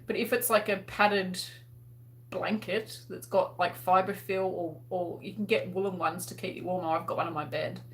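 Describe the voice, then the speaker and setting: A woman's voice: lowish voice, fairly even intonation, normal speed. A woman with an Australian accent hosting a casual livestream. She chats and laughs and uses lots of fillers as she answers viewers' comments. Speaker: host.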